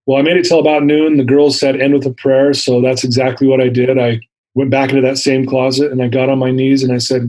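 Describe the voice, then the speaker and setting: A man's voice: medium pitch, flat delivery, fairly quick, a little mellow, poor audio. A man, telling his personal story earnestly as an interview guest. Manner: earnest, vivid retelling with acted-out quotes.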